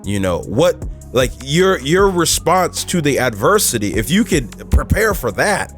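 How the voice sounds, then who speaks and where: A man's voice: on the high side, very animated, unhurried, soft background music. A man hosting a motivational podcast, talking casually and emphatically with lots of fillers, pushing his voice up to stress points. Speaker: podcast host.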